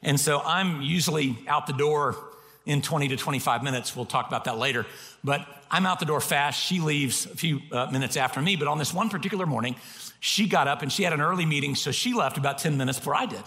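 A man preaching a sermon as a pastor, telling stories in an animated way and poking fun at himself. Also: on the high side, quick pace. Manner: animated storytelling with self-mocking humor. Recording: long reverb of a large hall.

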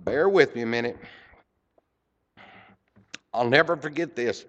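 A man giving a heartfelt report to a church congregation, halting and emotional, with many fillers. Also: medium pitch, fairly bright tone, muffled recording. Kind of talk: storytelling church talk. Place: church sanctuary.

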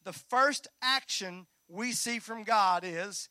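A male pastor preaching a Sunday sermon in a church, energetic and joking with the congregation. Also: high-pitched, slow, no echo. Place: church sanctuary.

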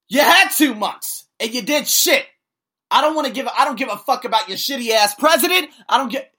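A man who hosts an ESL podcast, ranting to camera with blunt profanity. He swings between loud outbursts and low muttering. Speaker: vlogger and ESL podcast host. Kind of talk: angry opinion rant to camera.

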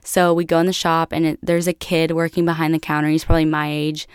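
A young American woman from the United States hosts a podcast, casually telling a travel story solo to her listeners while chatting and laughing often. Her voice is low-pitched with little pitch movement and a quick pace. The tone is clean, with studio quality and no room sound.

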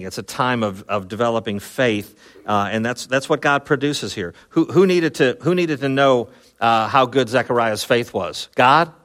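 A man preaching a sermon, retelling a Bible story in a lively, casual way with many fillers and quick voiced asides. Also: medium pitch. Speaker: pastor.

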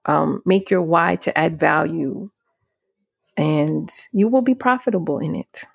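A woman's voice: deep voice, measured pace, creaky, breathy edge, no room sound, studio quality. A woman hosting her own solo podcast, talking casually and earnestly, giving advice with lots of fillers and restarts. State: near tears. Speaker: podcast host.

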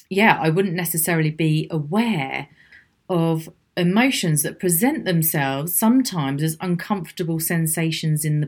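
A woman hosting a solo podcast, talking frankly and reflectively with small laughs. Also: low voice. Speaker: podcast host. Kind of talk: candid solo podcast monologue.

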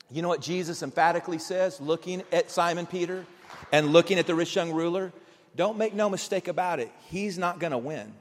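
Animated preacher in a big reverberant hall. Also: male voice, fairly high pitch. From Kansas. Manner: animated preacher, acts out dialogue, swings from loud to hushed. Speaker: pastor. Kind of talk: sermon.

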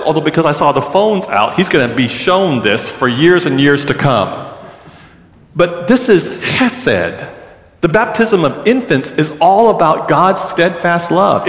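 A man's voice: fairly high pitch, fairly bright tone. A middle-aged male pastor preaching a sermon to his congregation, earnest and teaching, leading them to repeat a word. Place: large church sanctuary. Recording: roomy church with long reverb.

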